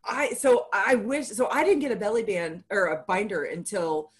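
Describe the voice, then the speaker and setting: A woman's voice: medium pitch, normal speed, husky. A woman chatting casually, candid and dramatic as she tells a personal story. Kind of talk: casual chat about surgery recovery.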